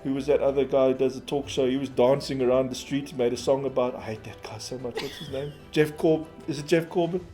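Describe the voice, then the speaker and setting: A man's voice: medium pitch, fairly even intonation, fast talker, few pauses, warm tone, faint music behind. Rambling sweary man. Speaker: podcast co-host. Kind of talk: casual chat.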